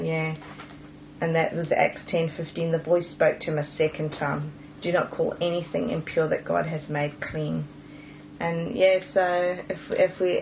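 Casting: woman, lowish voice, Bible chat co-host, punchy scripture reading, dull lo-fi recording with faint hiss. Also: creaky. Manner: reads scripture aloud with emphatic punch, laughs often. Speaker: Christian podcast co-host.

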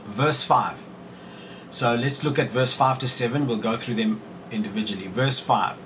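A man hosting a podcast, reading Bible verses aloud and explaining them in a measured way. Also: medium pitch, a bit bright, far from the mic, a little hiss or hum, rough recording. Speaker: podcast host teaching scripture.

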